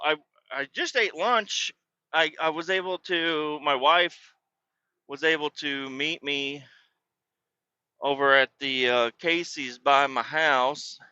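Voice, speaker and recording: A man's voice: fairly high pitch, pushed and bright, clean tone, no room sound, highs cut off. A man, a truck driver hosting his own podcast, ranting casually and profanely about his day. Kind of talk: casual rambling monologue.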